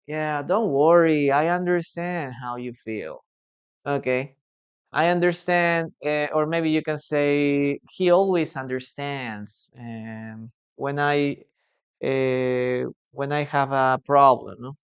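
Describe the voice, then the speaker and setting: Slow, patient online English teacher. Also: medium pitch, smooth, highs cut off. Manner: patient, corrects student sentences aloud; ends points with a questioning "no?". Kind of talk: live online English lesson.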